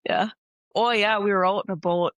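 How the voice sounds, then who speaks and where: Guest: easygoing Wisconsin woman in her thirties, medium pitch, close dry sound. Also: steady tone, normal speed, no room sound, highs cut off. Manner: chatty, laid-back, frequent "like" fillers. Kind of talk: casual interview chat.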